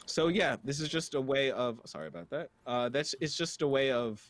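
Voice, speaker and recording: A man co-hosting a casual news podcast, reading stories aloud with halting fillers. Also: mid-range voice. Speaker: podcast co-host.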